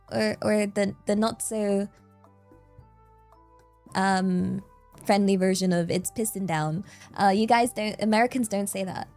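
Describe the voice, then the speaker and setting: English girl streamer rambling along, lots of ums, a bit high pitched, soft music behind. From England. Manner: rambling, playful, many fillers. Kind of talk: casual chat.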